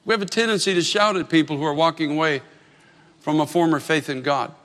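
A male pastor delivers an earnest sermon in a high, bright voice, building emphasis through repeated phrases. The sound rings with a long hall reverb, as in a church. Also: fast talker.

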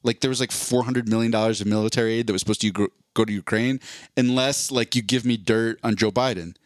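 A man's voice: fairly low pitch, fairly even intonation, fast talker, no room sound, studio quality. A man co-hosting a casual podcast chat, rambling and restarting as he explains things at length. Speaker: podcast co-host.

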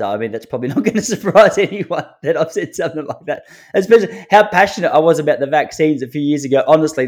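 A man hosts a solo podcast, spinning loose comic stories. His voice sits at an ordinary mid pitch, relaxed and chatty, and he chuckles at his own jokes as he goes. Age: 30s. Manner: laid-back storytelling with chuckles. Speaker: podcast host. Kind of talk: solo comedic podcast monologue.

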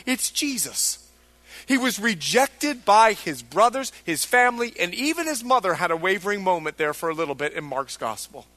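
A man's voice: high voice, pushed and bright. A male pastor preaching a sermon with emphatic delivery, acting out biblical figures in quoted lines.

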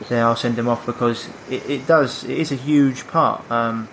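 A man's voice: mid-range voice, steady tone, moderate pace, vocal fry, slight background noise. A man hosting a podcast, asking questions casually and restarting his sentences often. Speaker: podcast host.

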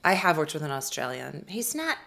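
A woman's voice: low-pitched, big pitch swings, brisk, vocal fry, a bit bright. A young woman co-hosting a podcast, chatting casually in a playful, joking way with the odd swear word. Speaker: podcast co-host. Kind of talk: casual chat.

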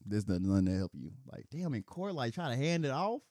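A man riffing on a podcast with a bouncing, lively voice that jumps up high when he acts out a quote. He laughs easily and keeps the talk loose. The sound is dry and close. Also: fast, no echo. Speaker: podcast co-host. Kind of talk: casual podcast chat.

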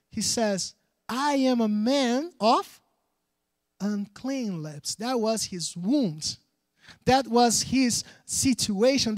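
A man's voice: high voice, no echo. A man from Brazil, preaching a sermon earnestly, often restarting phrases and checking in with the congregation. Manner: earnest, with frequent restarts and "right?" asides.

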